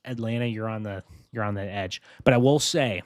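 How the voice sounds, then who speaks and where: A man hosting a live weather briefing, talking casually and excitedly to his viewers. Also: on the low side, a little fast, dry recording, clean studio sound. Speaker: weather streamer.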